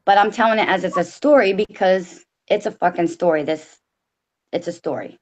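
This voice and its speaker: A woman with a fairly low voice reads a story to listeners. She is casual and blunt, cursing openly as she goes. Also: normal speed, darkish tone, rough recording. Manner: casual, blunt, swears freely. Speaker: co-host storyteller. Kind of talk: reading a story aloud.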